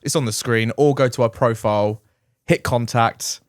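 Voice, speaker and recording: A man's voice: medium pitch, steady tone, normal speed, dry recording, clean studio sound. A young British man hosting a casual podcast, steering the chat in an upbeat way. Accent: British English. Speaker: podcast host, content creator.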